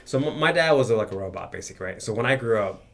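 A man's voice: on the low side, lively intonation, quick pace, vocal fry, a bit bright. A man hosting a podcast, rambling and swearing as he tells a story in casual chat. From Los Angeles. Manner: rambling, profane, restarts often. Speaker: podcast host.

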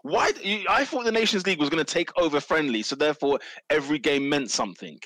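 A man in casual podcast chat, emphatic and jokey, ranting with animated opinions. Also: a little high, fast, dry recording, rough recording. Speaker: podcast pundit.

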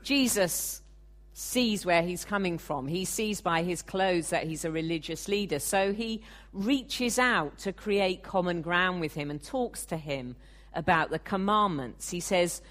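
Slow-spoken woman preaching a sermon. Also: on the low side, fairly bright tone. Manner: measured, earnest, acts out quoted voices.

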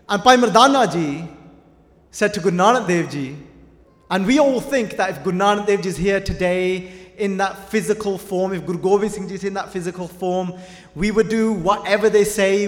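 High-voiced preacher in an echoing hall. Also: male voice, a little fast. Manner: conversational, quizzes the audience, mixes in Punjabi. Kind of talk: sermon with storytelling. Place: large hall with a live audience. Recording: echoey hall with long reverb.

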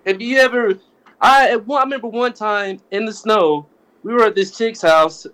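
Here a podcast co-host, a man with a voice that sits high, talks at a moderate speed. He spins casual tales in an animated, laughing way, often stammering and beginning again while voicing what friends told him.

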